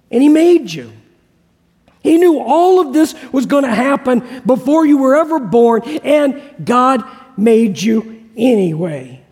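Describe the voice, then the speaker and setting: High-voiced pastor preaching in a reverberant hall. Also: male voice, darkish tone. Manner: conversational, repeats key phrases, asks congregation questions. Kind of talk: sermon.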